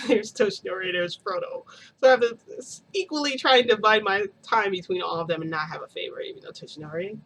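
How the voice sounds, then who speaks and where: A woman's voice: mid-range voice, a little fast, fairly bright tone. Giggly, gushing woman vlogger. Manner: giggly, gushing, addresses viewers as "guys". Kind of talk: chatty storytelling to viewers.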